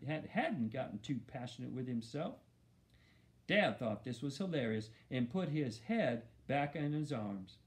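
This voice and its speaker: A man narrating a children's novel in an expressive first-person storytelling voice. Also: mid-range voice, measured pace. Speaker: audiobook narrator.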